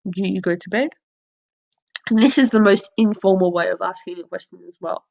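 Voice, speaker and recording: Patient woman teacher, gravelly lo-fi voice. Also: medium pitch, brisk, darkish tone. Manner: clear, patient explaining with French examples. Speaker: French teacher. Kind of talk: classroom lesson over slides. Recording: dull lo-fi audio.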